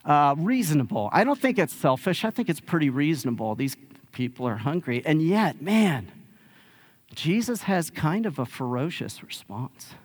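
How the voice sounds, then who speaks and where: A male pastor preaching a sermon in a conversational, animated storytelling way, acting out sarcastic asides. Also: on the high side, normal speed.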